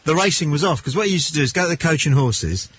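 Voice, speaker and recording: Lively husky radio host. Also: male voice, on the high side, quick pace. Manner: chipping in with short interjections and prompts. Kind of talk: casual radio chat.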